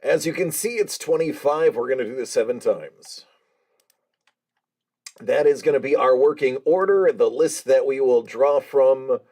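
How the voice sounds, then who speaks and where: A man hosting a card-break stream, chatting casually and rambling with jokes and filler pauses. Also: medium pitch, dark tone. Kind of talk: casual livestream chat.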